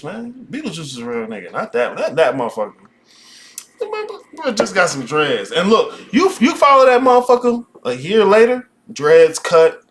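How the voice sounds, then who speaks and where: A man's voice: on the high side, fairly bright tone. A man teaching a magic class, talking bluntly and profanely in a casual rant.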